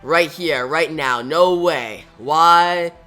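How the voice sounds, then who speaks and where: A man's voice: on the high side, drawn-out words, pushed and bright, soft background music, full character voice. A man reading a defiant young speedster hero. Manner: reads hero lines in near-own voice.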